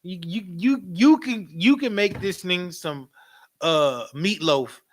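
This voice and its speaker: A man teaching a class in a casual preaching style, animated and repetitive, often turning to the audience with asides and breaking into laughter. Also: high voice, slow pace. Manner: laughs often while talking.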